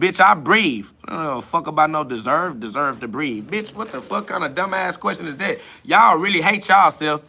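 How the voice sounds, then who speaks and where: A man with a bright, fairly high voice delivers a combative spiritual rant. He is mocking and profane, firing back at listener comments. His tone is sharp and forceful throughout. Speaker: podcast host answering comments.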